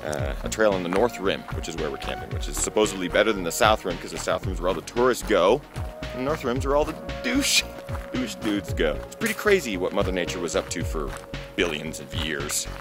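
A young man vlogging outdoors on a handheld camera, self-mocking and jokey, sometimes hushed and a bit out of breath. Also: low voice, very animated, a little fast, over music. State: out of breath at times. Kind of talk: jokey travel vlog. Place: outdoors on a canyon rim. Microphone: handheld camera selfie.

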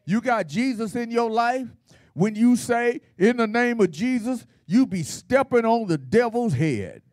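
A man pastor leads a Bible study in a folksy, teasing call-and-response style. His voice sits high and swoops all over the place. The sound is dry and close. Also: expressive, unhurried, darkish tone, no room sound. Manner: folksy, playful, call-and-response preaching with laughter.

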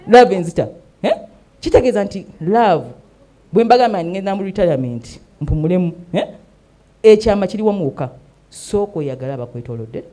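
Emphatic Ugandan woman, quick and lively. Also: on the low side. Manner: emphatic, mixes English and Luganda, asks "eh?" often. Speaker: host and mentor. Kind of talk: animated talk show monologue.

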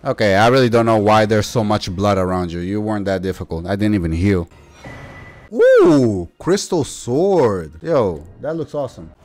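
A young man giving casual gameplay commentary as a YouTuber, excitable and slangy, yelping and talking back to enemies. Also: on the low side, moderate pace, faint music behind. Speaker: gaming YouTuber.

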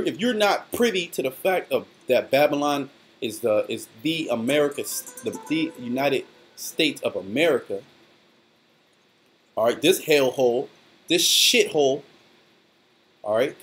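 Fiery, rough-spoken male preacher. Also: a little high. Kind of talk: preaching with scripture reading.

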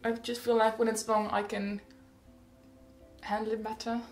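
A woman's voice: a little high, flat delivery, moderate pace, reverberant, faint music behind. A teenage girl chatting casually in a rambling, bubbly update vlog, often laughing and correcting herself. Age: teens. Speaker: vlogger.

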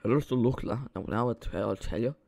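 A man's voice: mid-range voice, brisk, vocal fry. Chatty Irish man streaming a match. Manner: chatty, rambling, excitable. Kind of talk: live football watch-along chat.

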